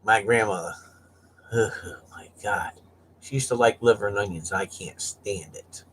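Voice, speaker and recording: A man's voice: lowish voice, unhurried, fairly bright tone, slight background noise. A man chatting casually and rambling on a livestream, joking and laughing often. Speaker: livestream host.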